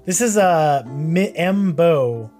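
A man's voice: fairly high pitch, animated, takes it slowly, warm tone, soft background music. A man co-hosting a casual reaction show, talking in a laid-back and wry way. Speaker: co-host.

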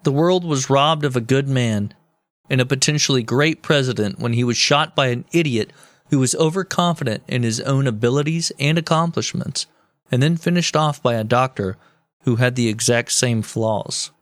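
A man hosting a comedy history podcast, spinning the tale with a jokey, mock-serious edge and some swearing. His voice sits at an ordinary middle pitch. The sound is dry and close, with no room around it. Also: normal speed, no echo. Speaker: podcast co-host.

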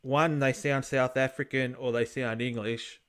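An Australian man chatting loosely on a podcast, blunt and rambling, with the odd curse thrown in. His pitch sits in an ordinary middle range. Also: steady tone, a little slow, a bit bright, smooth. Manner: rambling, blunt, swears casually. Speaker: podcast co-host. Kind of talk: casual chat.

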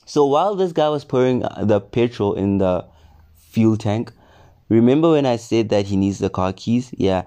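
A man's voice: lowish voice, moderate pace. A young man casually telling a personal story on his vlog, swearing and acting out the people in it. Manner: swearing, animated retelling with quoted voices. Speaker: storyteller vlogger.

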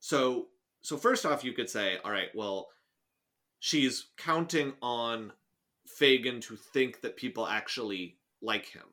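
Reading a story aloud on a laid-back podcast he co-hosts, a man reacts sarcastically and with lots of energy, laughing and breaking off to restart lines. He speaks slowly in a medium-pitched voice.

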